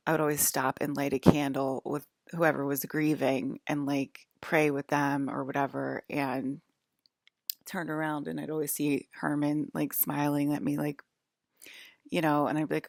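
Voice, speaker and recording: A woman's voice: low-pitched, level tone, moderate pace, vocal fry, no room sound, studio quality. A woman in her forties, talking in a meandering, casual monologue full of fillers and restarts. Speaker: vlogger.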